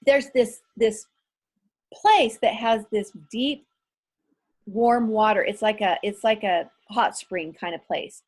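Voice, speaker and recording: A middle-aged woman, a guest author, telling stories in an animated, self-deprecating way during a casual interview. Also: medium pitch, takes it slowly, breathy edge.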